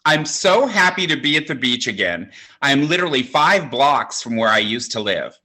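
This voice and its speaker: Performing a stand-up set from home for a virtual audience, this sixty-something man pokes fun at himself in a campy, conversational way. The voice sits mid-range, lilting and bright, with a forceful edge and an even, moderate tempo.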